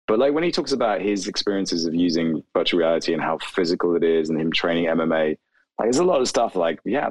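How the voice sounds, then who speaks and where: Deep-voiced guy rambling about ideas, lots of "like", dry close sound. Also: dry recording, low-quality recording. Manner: rambling, animated, lots of "like" fillers. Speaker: guest, video creator. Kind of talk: casual interview conversation.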